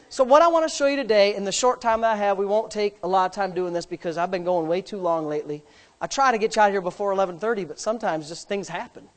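A man, a pastor, preaching a sermon with emphatic delivery that swings from soft asides to loud shouts, joking with the congregation now and then. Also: high-pitched, quick pace. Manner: jokes with the congregation.

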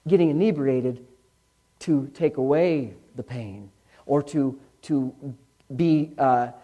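Speaking on the higher side, this male pastor delivers a sermon to his congregation in church. His tone is candid and conversational, lurching from loud outbursts to quiet asides.

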